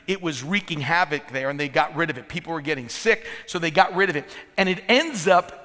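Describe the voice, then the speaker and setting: Bright, forceful preaching man. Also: sits high, long reverb tail. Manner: lively storytelling with humorous asides. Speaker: pastor. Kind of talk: sermon. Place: church sanctuary.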